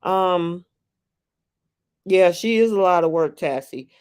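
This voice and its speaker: A host chatting casually on a live stream about a reality show, reading viewer comments aloud in an unhurried, conversational way. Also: mid-range voice, darkish tone, clean tone.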